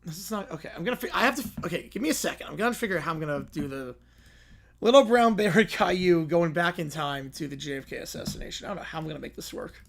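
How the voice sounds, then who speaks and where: A man's voice: on the high side, lively intonation, fast, gravelly, a bit bright. A man hosting a live stream, rambling, laughing and interrupting himself as he improvises a story. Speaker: streamer host.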